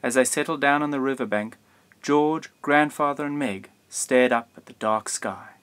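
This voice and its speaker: Man reading a children's picture book. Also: mid-range voice. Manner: gentle, measured storytelling. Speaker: storybook reader.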